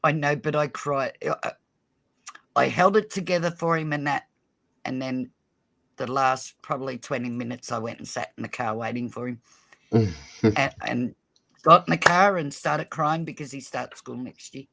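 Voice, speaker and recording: Grandma in her 50s, gravelly voice, chatty and apologetic on a video call. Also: extremely low pitch, normal speed, a bit bright. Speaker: regular viewer on a call. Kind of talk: casual livestream chat.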